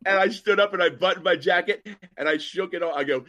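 Hosting a live podcast, a man tells rambling stories full of asides, acting out other people's lines as he goes. He talks fast in a high, pushed, bright voice, and there's no echo.

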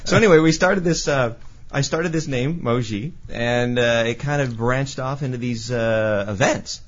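A man's voice: medium pitch, unhurried, highs cut off. A man who organizes social events, chatting casually and telling stories with laughs. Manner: animated storyteller, laughs often. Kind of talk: casual chat. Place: Los Angeles radio studio.

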